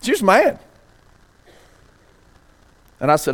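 High-voiced preaching man. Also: expressive, fairly bright tone. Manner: preaching with rhetorical questions; reads scripture aloud slowly. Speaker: pastor. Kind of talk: sermon.

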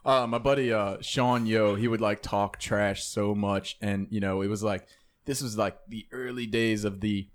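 A man's voice: lowish voice, fairly even intonation, normal speed. A man co-hosting a casual podcast, rambling with repeated words, swearing and laughing often. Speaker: podcast co-host.

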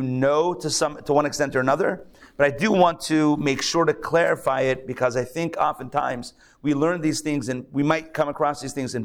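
A man, a rabbi, giving a conversational, joking lecture to a live class, thinking aloud and restarting his sentences. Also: a little high. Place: synagogue class.

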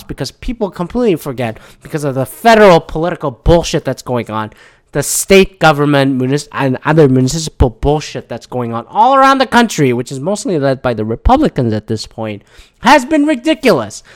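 A man's voice: fairly high pitch, very animated, fairly quick. A man hosting a podcast, from Michigan, ranting casually about politics in a profane, rambling, sarcastic way. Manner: profane, rambling, sarcastic, mocking voices of others. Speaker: podcast host.

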